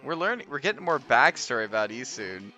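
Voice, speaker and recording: A man's voice: mid-range voice, sing-song, brisk, pushed and bright, muffled recording, soft background music. A young man with a Midwestern American accent chatting casually with viewers while streaming a game, laughing often and trailing off as he reads.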